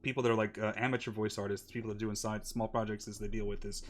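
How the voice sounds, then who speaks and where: A man's voice: lowish voice, little pitch movement, racing. A man hosting a casual interview, enthusiastic and laughing often as he talks. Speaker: interview host.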